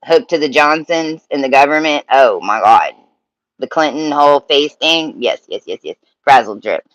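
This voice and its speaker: A man telling a personal story in a halting, emotional monologue, swearing freely and often restarting his sentences. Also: mid-range voice, animated, fairly bright tone, dry recording, poor audio.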